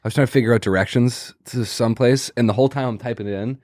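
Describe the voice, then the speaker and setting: A man's voice: medium pitch, rapid-fire, darkish tone, no echo, studio quality. A man co-hosting a podcast, telling a story in laid-back casual chat, a bit mumbly and swearing casually. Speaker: podcast co-host.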